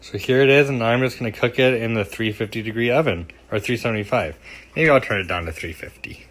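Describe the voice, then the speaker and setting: Bright-voiced man chatting through a kitchen demo. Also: medium pitch, fast. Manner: chatty and self-deprecating, with fillers and asides. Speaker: cooking show host. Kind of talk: casual cooking demonstration. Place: home kitchen.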